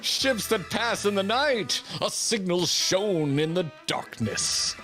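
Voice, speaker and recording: A man voicing a grandiose, pompous gentleman inspector in a declamatory style. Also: high voice, sing-song, takes it slowly, faint music behind, pitched above the performer's own voice, full character voice.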